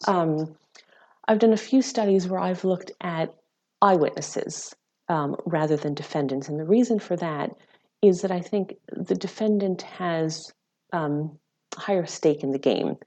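Low-voiced American woman explaining research. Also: darkish tone. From United States. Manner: measured, explanatory, many fillers. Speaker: researcher guest. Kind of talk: interview answers. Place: lives in the UK.

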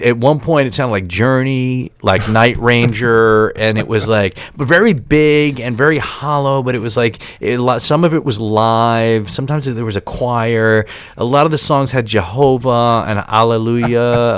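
A man's voice: mid-range voice, a little slow, hardly any pauses, clean tone, no room sound. A man hosting a podcast, telling a rambling, profane story with many restarts. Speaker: podcast host. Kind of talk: storytelling monologue.

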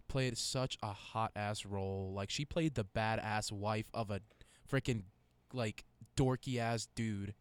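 A man's voice: fairly low pitch, takes it slowly, smooth, no room sound. A man co-hosting a casual podcast, joking crudely and laughing often. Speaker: podcast co-host. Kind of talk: casual chat. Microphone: studio mic.

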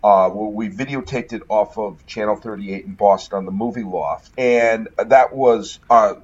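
Husky, wry storytelling man. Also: lowish voice, moderate pace, a little mellow, lo-fi sound. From Massachusetts, USA. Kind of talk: casual chat, storytelling.

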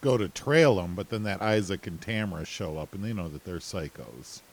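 A man's voice: deep voice, animated, normal speed, rough recording. A man co-hosting a casual recap chat, laid-back and hesitant, with many fillers. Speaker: podcast co-host.

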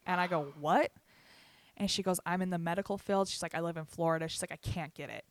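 A young woman co-hosting a podcast, venting bluntly with lots of swearing and telling animated stories between laughs. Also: fairly low pitch, quick pace, clean tone, dry recording. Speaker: podcast co-host. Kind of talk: casual chat.

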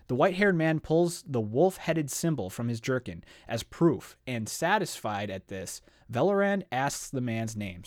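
A man's voice: medium pitch, no echo, studio quality. A man retelling a fantasy novel in casual podcast chat, rambling with fillers. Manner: rambling summary with fillers and laughs.

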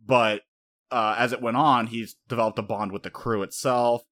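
A man co-hosting a casual podcast, rambling and animated as he retells story scenes, slipping into quoted voices. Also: mid-range voice, normal speed. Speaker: podcast co-host. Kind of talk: casual anime discussion.

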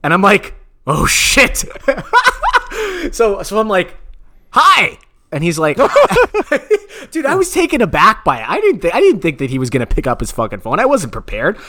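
A man's voice: high-pitched, huge pitch swings, fast, few pauses, bright, forceful tone, no echo, studio quality. A man co-hosting a podcast, telling a story in a rambling, profane way with many restarts. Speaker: podcast co-host. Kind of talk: casual podcast banter.

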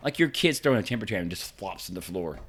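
A man co-hosting a casual podcast, telling an animated work story with frequent laughs and swearing. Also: low-pitched, fast, husky.

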